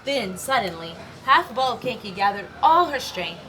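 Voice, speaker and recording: A woman teacher reading a folk tale aloud, lively, with playful sound words. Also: medium pitch, moderate pace, crowd noise. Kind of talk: storybook read-aloud.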